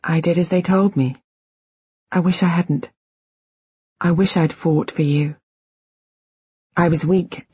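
A woman's voice: on the low side, steady tone, slow pace, long pauses, mellow, husky, dry recording, muffled recording, exaggerated voice. A woman reading the lines of a desperate middle-aged husband, pleading through tears in an audiobook. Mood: tearful pleading. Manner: pleading, emotional.

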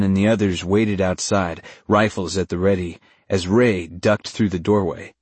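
Guy narrating an audiobook, low husky voice, dry close sound. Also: darkish tone, dry recording. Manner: measured storytelling. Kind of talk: scripted narration.

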